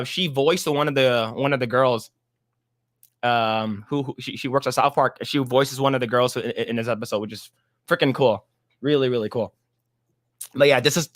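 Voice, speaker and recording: A man's voice: mid-range voice, a bit bright, dry recording, studio quality. A man hosting a casual livestream chat, rambling and laughing often. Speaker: podcast host.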